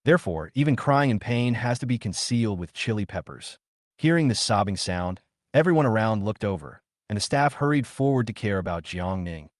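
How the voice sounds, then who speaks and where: Lively low male story narrator. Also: a little fast, no echo, studio quality. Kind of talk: scripted narration.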